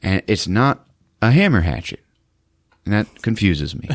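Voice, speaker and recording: A man's voice: on the low side, wildly swooping pitch, slow, pauses often, no echo, clean studio sound. A man hosting a podcast, retelling a movie casually, laughing often and acting out the characters' lines. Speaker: podcast host.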